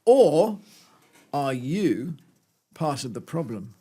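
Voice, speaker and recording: Bloke chatting on a garden podcast, bit high pitched, jokey, keeps restarting sentences. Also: male voice, sing-song, takes it slowly, warm tone, husky. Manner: chatty, joking, stumbling restarts. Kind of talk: casual chat.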